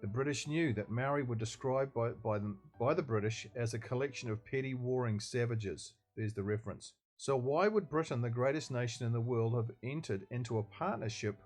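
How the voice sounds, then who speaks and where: A man's voice: mid-range voice, fairly quick, hardly any pauses, darkish tone, soft background music. A man presenting a scripted history explainer, emphatic and didactic, reading out quotations from old documents.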